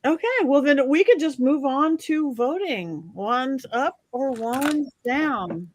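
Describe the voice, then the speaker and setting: A woman hosting a podcast panel over a video call, brisk and upbeat as she keeps the show moving and runs the vote. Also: high-pitched, expressive, a little hiss or hum. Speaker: podcast host. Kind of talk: casual panel chat, running the vote.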